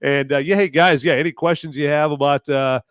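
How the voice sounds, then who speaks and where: A man hosting a live podcast, talking in a hoarse voice in a rambling, jokey way. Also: on the high side, fairly even intonation, brisk, fairly bright tone, no room sound. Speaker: podcast host. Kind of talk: live casual chat.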